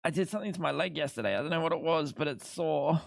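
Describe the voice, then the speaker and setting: A man's voice: on the high side, animated, quick pace, creaky, no room sound, studio quality. A young man streaming live, chatting casually and rambling, swearing freely as he thanks viewers. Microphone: headset.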